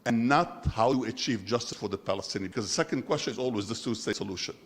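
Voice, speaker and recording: A man from the audience asks a question slowly and deliberately, in an insistent way. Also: mid-range voice. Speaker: audience member asking a question.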